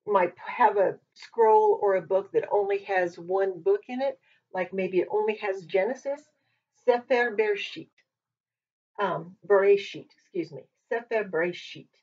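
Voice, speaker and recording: Woman walking through hebrew letters, breathy voice, kinda far off the mic and muffled. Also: medium pitch. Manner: thinking aloud, hedging and self-correcting. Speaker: Hebrew teacher. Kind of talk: informal language lesson. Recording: dull lo-fi mic from a distance.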